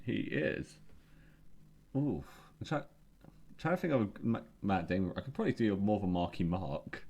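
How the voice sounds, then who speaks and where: Low-voiced man retelling episode scenes. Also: very animated, a little mellow, breathy edge. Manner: retells scenes with quick acted quotes. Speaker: podcast co-host. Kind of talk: casual chat.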